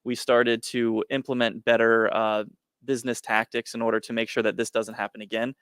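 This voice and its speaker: A man's voice: medium pitch, flat delivery, brisk, fairly bright tone, smooth, no room sound, clean studio sound. Matter-of-fact male business guest. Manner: plain and matter-of-fact, with frequent "um" and "uh". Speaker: guest entrepreneur. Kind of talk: interview answers.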